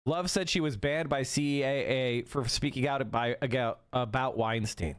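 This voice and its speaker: A man's voice: mid-range voice, normal speed, clean tone, no room sound. A man on a live stream reading an article aloud to his chat, casual, with small slips and restarts.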